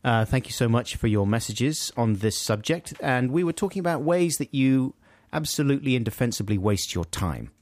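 A man's voice: medium pitch, animated, normal speed, a little mellow, no echo. A man co-hosting a podcast in casual, playful chat, laughing often. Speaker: podcast co-host.

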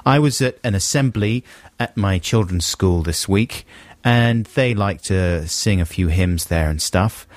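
A man's voice: low-pitched, unhurried, few pauses, dry recording. Playful male radio co-host. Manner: playful, laughs often. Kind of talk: casual radio banter.

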